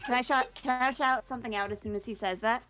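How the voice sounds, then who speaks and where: A woman takes part in a tabletop game and chats casually with the group. She sounds eager and playful. Her voice is clearly high. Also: steady tone, fast, pushed and bright. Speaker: player.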